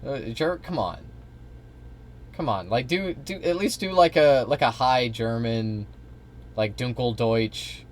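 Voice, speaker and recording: A man's voice: medium pitch, takes it slowly. A young man streaming, reacting to a clip in casual, rambling talk full of fillers and swearing. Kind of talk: live stream reaction commentary.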